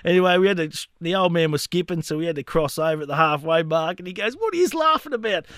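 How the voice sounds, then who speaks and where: High-voiced man telling yarns. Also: fast, clean tone, dry recording, clean studio sound. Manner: animated yarn-spinning, laughing at his own stories. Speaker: podcast host. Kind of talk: casual storytelling chat.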